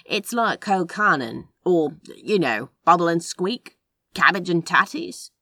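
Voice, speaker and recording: A woman doing a gruff, terse man with a faint Scottish lilt. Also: on the low side, animated, unhurried, bright, forceful tone, no echo, full character voice. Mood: offhand. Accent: slight Scottish. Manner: short blunt sentences.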